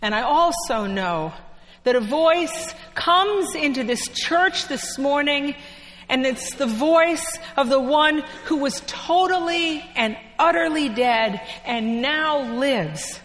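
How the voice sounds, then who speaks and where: Slow high-voiced woman preaching in a church. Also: expressive, fairly bright tone. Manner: unhurried storytelling preaching with dramatic pauses. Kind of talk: sermon. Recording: long echo of a church hall.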